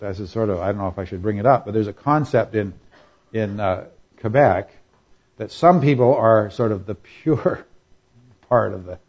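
A man teaching a class on scripture, pausing often with fillers and checking in with "all right?". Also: lowish voice, darkish tone, dull audio. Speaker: Bible teacher.

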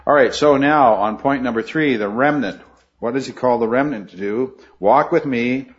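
A man's voice: medium pitch, moderate pace. Earnest man teaching a Bible class. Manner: earnest, questioning the class, frequent restarts. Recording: muffled lo-fi recording.

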